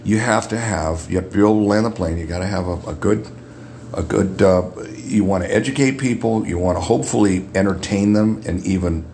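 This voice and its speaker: A man with a deep radio voice, a guest in a casual podcast chat, who often repeats words as he starts a thought. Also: brisk, a little mellow, a little hiss or hum. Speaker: guest, makeup artist.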